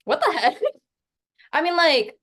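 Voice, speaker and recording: A woman's voice: sits high, animated, slow, a bit bright. A young adult woman co-hosting a podcast in casual chat, chatty with lots of filler words. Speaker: podcast co-host.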